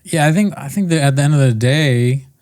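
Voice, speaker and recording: A man's voice: mid-range voice, brisk, a little mellow. A man co-hosting a casual comedy podcast, rambling and laughing between crude jokes. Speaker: podcast co-host.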